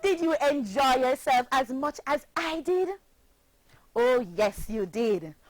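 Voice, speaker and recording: Slow, sing-song Jamaican woman teacher. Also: sits high, lively intonation, no room sound, low-quality recording. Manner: slow, sing-song chanting with patient spelling out. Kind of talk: children's pronunciation lesson.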